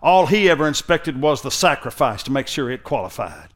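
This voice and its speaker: A man's voice: mid-range voice, sing-song, a little fast. A male pastor preaching to a congregation, conversational at first and building in force. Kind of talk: sermon.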